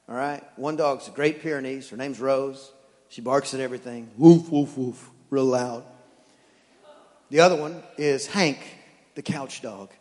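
This sermon comes from a pastor whose voice runs on the high side and a bit bright. He plays the joking storyteller, voicing each character's lines, while the church sanctuary adds a long echo.

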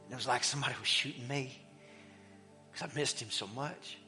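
A middle-aged man preaching in a church, telling a personal story in an animated way that swings between loud emphasis and hushed, quiet passages. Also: medium pitch, fairly quick. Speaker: pastor. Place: church sanctuary. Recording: long hall reverb with faint music.

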